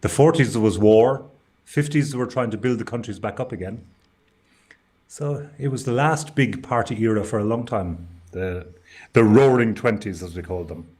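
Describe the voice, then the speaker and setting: A man's voice: lowish voice, normal speed, a little mellow. A man from Ireland co-hosting a live stream, chatting in a wry, storytelling way. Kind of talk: casual live-stream chat.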